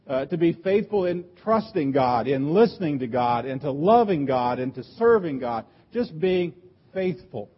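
A pastor delivering a sermon, earnest and emphatic, with repeated rhetorical questions. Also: male voice, on the high side, slightly rough, highs cut off.

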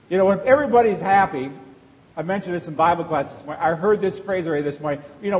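A middle-aged pastor delivers a sermon in a fairly high voice, talking with the congregation rather than at it. He leans on rhetorical questions. A long reverb from the church hall trails after his words. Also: rapid-fire. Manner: conversational preaching with rhetorical questions. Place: church sanctuary.

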